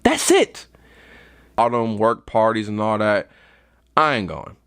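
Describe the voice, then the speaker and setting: A man's voice: moderate pace, clear, resonant tone. A young man hosting a podcast, delivering a comedic rant and sounding a little tired. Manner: animated, swings into high mocking voices. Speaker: podcast host.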